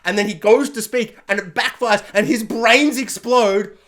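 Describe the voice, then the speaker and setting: A man with a high-pitched voice rambles through an excited film review. He talks in rapid bursts and keeps slipping into goofy voices.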